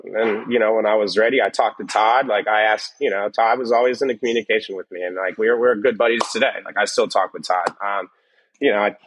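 Low-voiced man telling a rambling story. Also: slightly rough, rough recording. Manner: rambling, many fillers and quoted dialogue. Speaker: chef, guest. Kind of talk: casual storytelling interview.

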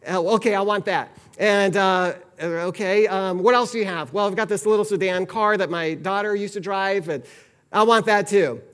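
A man's voice: high-pitched, moderate pace. A man preaching, telling a long story and acting out the lines of the people in it. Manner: animated, acts out quoted dialogue. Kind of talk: sermon storytelling.

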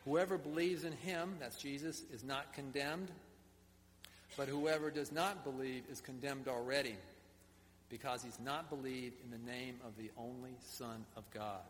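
A man's voice: medium pitch, long reverb tail, slight background noise. A man preaching a sermon in a conversational way, with asides to the congregation. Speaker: pastor.

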